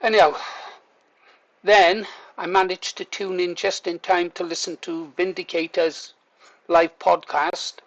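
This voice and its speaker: A man's voice: sits high, flat delivery, unhurried, a bit bright, rough recording. An older man, a vlogger, telling a story in a chatty way, laughing through it and swearing now and then. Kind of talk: casual storytelling to camera.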